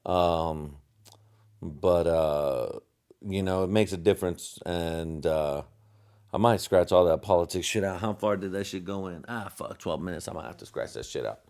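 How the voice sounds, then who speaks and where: A man's voice: deep voice, moderate pace, a little mellow. A young American man hosting a solo podcast, rambling from topic to topic with heavy profanity and chuckles at his own jokes. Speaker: podcast host.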